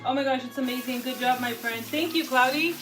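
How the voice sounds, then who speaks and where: A fairly high-pitched woman from San Diego chats casually while cooking in her home kitchen. She talks in loose slang and reads viewer comments aloud. Music plays steadily under her voice. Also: a little fast, low-quality recording. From San Diego, California, USA. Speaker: livestream co-host cooking and chatting. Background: background music.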